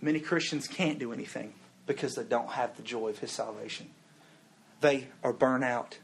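A man's voice: medium pitch, normal speed, creaky. A young man preaching a fervent sermon at a youth revival service, calling his listeners "guys.". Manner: fervent, calls the crowd "guys".

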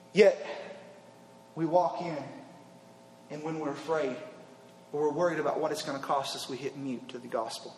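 A man preaching an emphatic youth sermon that repeats its points and builds to shouts. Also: a little high, fairly even intonation, moderate pace, pauses often, echoey room, in a large hall. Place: large hall with an audience.

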